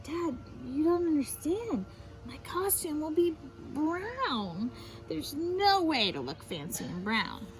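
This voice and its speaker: A fancy little girl from a picture book, theatrical and full of flair, with a voice that leaps up and down, as a woman reading aloud plays her. She sits a touch high, and faint music runs underneath. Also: very animated, slow pace, full character voice. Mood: dismayed. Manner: dramatic, theatrical.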